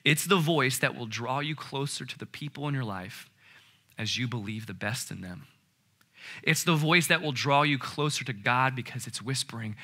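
A man preaching a sermon in an earnest way, repeating key phrases and dropping to a hush. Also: mid-range voice, moderate pace. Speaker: pastor.

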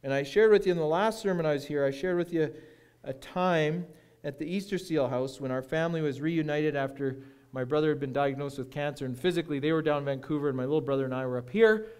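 A man preaching as a guest speaker, telling a personal story with dramatic pauses and hushed moments. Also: fairly high pitch, clean tone.

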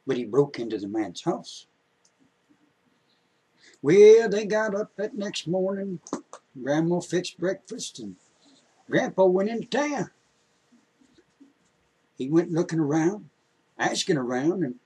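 A man telling a folksy story in an unhurried, homespun way. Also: sits high, very animated, dark tone, husky, low-quality recording.

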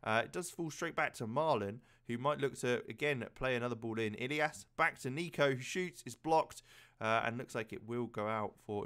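A man giving casual, excitable play-by-play commentary over a video game match, chatty and quick to laugh. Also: medium pitch. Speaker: gaming commentator.

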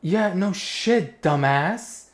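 The voice is a mid-pitched reaction host, blunt and sarcastic, swearing freely while commenting on a clip. The tone is casual and mocking. Faint music plays underneath. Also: lively intonation, extremely slow.

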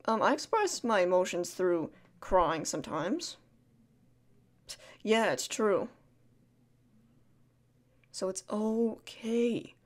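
A woman in a whispered role-play as a caring friend, talking softly and soothingly, repeating comforting words and shushing gently. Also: medium pitch, very animated, slow pace, long pauses. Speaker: ASMR creator playing a caring friend.

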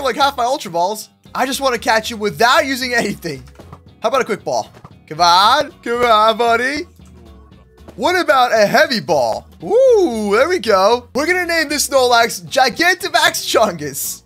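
A young man giving excited gameplay commentary as a YouTuber, shouting and laughing as he plays. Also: extremely high pitch. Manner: hyped, shouty, laughs often, addresses "ladies and gentlemen". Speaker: gaming YouTuber.

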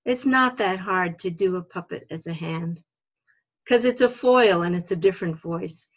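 A woman leading a religious education workshop, explaining ideas slowly and thoughtfully, step by step. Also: fairly low pitch, highs cut off. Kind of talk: workshop talk for teachers.

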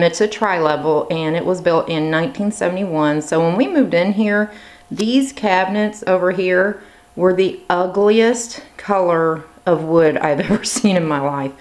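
A woman's voice: lowish voice, measured pace. A woman in her thirties giving a casual tour of her home kitchen, chatty with lots of ums and likes, a little out of breath, filming as she walks around. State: slightly out of breath. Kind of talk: casual walkthrough narration.

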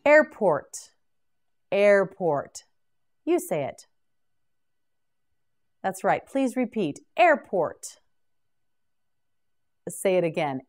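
A woman teaching English vocabulary in a scripted drill, pronouncing each word clearly and deliberately. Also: medium pitch, a little mellow.

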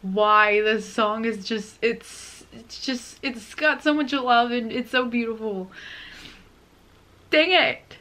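A woman's voice: on the high side, slow pace, pushed and bright. A young woman reacting to music, sighing and fighting back tears as she talks casually. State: close to tears.

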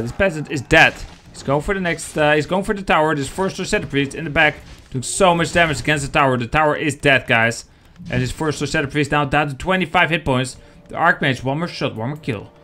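Excitable game caster man, higher voice. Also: brisk, hardly any pauses, faint music behind. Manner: excitable, chatty, addresses viewers as guys. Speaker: esports caster. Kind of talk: live game commentary.

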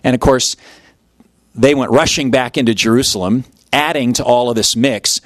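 A man's voice: medium pitch, normal speed, dry recording, studio quality. A man preaching a sermon as pastor, telling the story vividly and acting out the voices of its people. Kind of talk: expository sermon.

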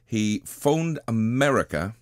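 A man's voice: mid-range voice, lively intonation, slow pace, no room sound. A man hosting a breakfast radio show, enthusing about his guest in the studio. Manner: enthusiastic, effusive praise. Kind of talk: radio interview chat. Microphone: studio microphone.

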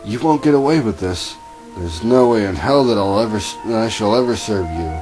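A man voicing a furious captive woman bounty hunter in a pitched-up, indignant voice over music. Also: normal speed, close to an everyday voice, low-quality recording. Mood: defiant. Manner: indignant, raised falsetto-ish delivery.

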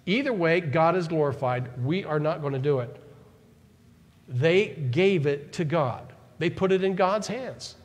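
A male pastor preaching a sermon to his church, animated, acting out the words of the people in his story. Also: fairly high pitch, unhurried. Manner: animated preaching, acts out Bible figures' words. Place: church sanctuary. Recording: church hall reverb.

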